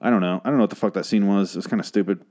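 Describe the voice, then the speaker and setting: Low-voiced man, hoarse from talking. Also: racing, darkish tone. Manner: rambling, profane, sarcastic asides. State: losing his voice. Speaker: podcast host. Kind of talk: casual episode recap monologue.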